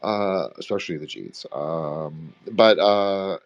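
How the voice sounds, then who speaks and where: A man's voice: low-pitched, slow, lo-fi sound. A young man from Canada, co-hosting a podcast roundtable in a rambling, profane, filler-heavy casual chat. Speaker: podcast co-host.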